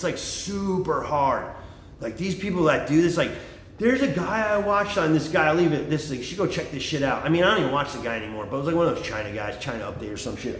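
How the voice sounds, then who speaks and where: A middle-aged man rambling in a profane, excitable vlog monologue, jumping from topic to topic. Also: high voice, echoey room. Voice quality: extroverted and excitable. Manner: animated, swearing, jumps between topics. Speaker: vlogger.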